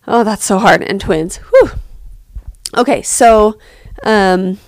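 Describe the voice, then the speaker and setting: A woman on a podcast answering a listener's parenting question in a gentle, empathetic way, pausing to think aloud as she talks. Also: mid-range voice, no room sound, studio quality.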